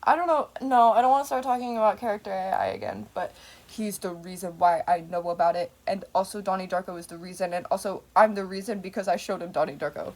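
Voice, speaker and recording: A woman's voice: medium pitch, fast, a little mellow. A woman in her twenties talking to camera in a rambling, tangent-filled monologue, swearing freely. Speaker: vlogger.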